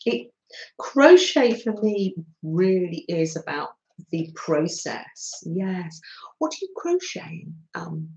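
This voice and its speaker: Slow, gentle woman hosting a stream. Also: on the low side, big pitch swings, creaky, low-quality recording. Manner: gentle, chatty, greets viewers by name. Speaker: live-stream host, junk journal crafter. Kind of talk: live-stream chat greeting viewers.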